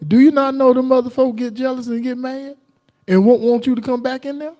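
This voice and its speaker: Male preacher, high but mellow voice, folksy and chatty, livestream sermon. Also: steady tone, brisk. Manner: folksy storytelling with laughs and acted-out quotes.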